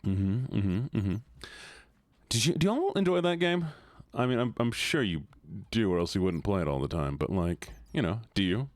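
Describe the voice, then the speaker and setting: A man's voice: lowish voice, very animated, moderate pace, no room sound. A young man streaming a game, chatting casually with his chat, laughing and swearing often. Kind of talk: casual live-stream chat while gaming.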